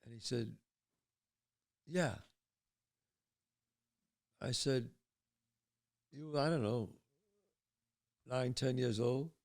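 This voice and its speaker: An older man hosting his show, telling a personal story in a casual, animated way and dropping low and quiet at the tense parts. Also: very slow, long pauses. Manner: animated storyteller, drops to hushed tones for suspense. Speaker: podcast host.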